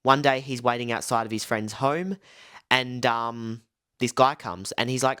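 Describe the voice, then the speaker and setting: A man's voice: mid-range voice, fairly even intonation, unhurried, sharp tone. Rambling young man reviewing a film. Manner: loose, rambling, full of "like" and "um". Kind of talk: casual spoken film breakdown.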